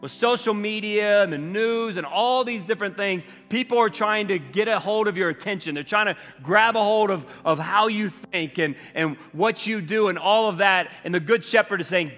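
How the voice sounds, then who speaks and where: A man's voice: high voice, normal speed, hardly any pauses, fairly bright tone, in a large hall, faint music behind. A man preaching a sermon in a conversational, emphatic way. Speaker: pastor.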